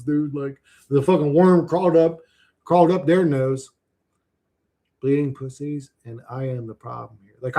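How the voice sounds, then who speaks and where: A man's voice: on the high side, darkish tone. A man ranting on a livestream in a casual, rambling, sardonic way, swearing freely.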